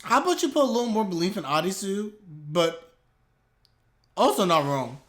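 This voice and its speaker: A man's voice: high-pitched, sing-song, moderate pace, a bit bright. Slangy young man reacting to anime. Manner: reacts aloud in bursts, slangy, laughing and teasing. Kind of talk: casual live reaction commentary.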